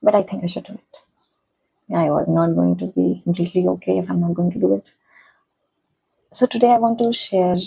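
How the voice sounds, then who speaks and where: Soft, hesitant young woman with gravelly husky voice. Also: lowish voice, low-quality recording. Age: young adult. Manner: soft-spoken, hesitant, halting. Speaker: vlogger, college student. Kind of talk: personal reflective vlog.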